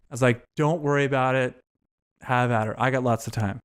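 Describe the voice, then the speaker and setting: A man's voice: mid-range voice, steady tone, fast. Frank, swearing guy. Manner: candid, profane, self-reflective storytelling. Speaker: podcast guest. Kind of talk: casual storytelling in conversation.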